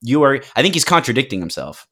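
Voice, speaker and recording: A man's voice: medium pitch, big pitch swings, fast talker, sharp tone. A man co-hosting a casual sports podcast, venting in an exasperated, profane way and mimicking pundits. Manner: exasperated, profane, mock-quoting. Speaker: podcast co-host. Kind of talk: casual chat.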